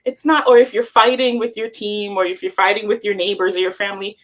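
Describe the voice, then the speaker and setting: A woman hosts a motivational chat, explaining ideas earnestly and cheering listeners on. Her voice sits at a middle pitch. She talks at an everyday pace. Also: flat delivery, fast talker. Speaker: host.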